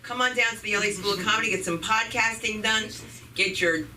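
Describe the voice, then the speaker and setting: A woman hosting an open mic comedy night, bubbly and quick to laugh, thanking the acts and promoting the school. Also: mid-range voice. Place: comedy club. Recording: distant mic with loud noise.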